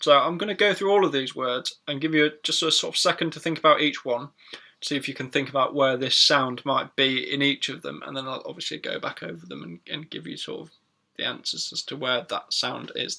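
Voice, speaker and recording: A man teaching pronunciation in a chatty live stream, repeating words slowly for learners. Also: mid-range voice, vocal fry, pushed and bright. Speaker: English teacher.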